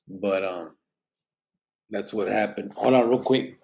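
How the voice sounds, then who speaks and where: A tired man hosts a live stream and talks loosely, dropping bits of Spanish slang as he reads the chat. His voice sits low and gravelly, with a rough fry. The talk is rambling and unhurried. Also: a little mellow, slight background noise. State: tired, yawning. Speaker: podcast host reading live chat.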